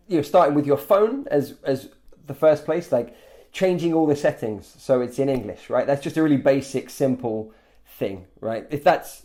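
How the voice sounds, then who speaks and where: A man who teaches English, chatting casually with many fillers and restarts. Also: medium pitch. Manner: relaxed, rambling with many fillers. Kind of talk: casual chat.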